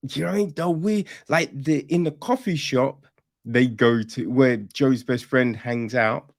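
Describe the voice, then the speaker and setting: A man's voice: medium pitch, a little slow, creaky, no echo, studio quality. A man reviewing a film on a podcast in a casual, sarcastic rant, swearing freely and rambling with restarts. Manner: rambling with restarts and "you know what I mean".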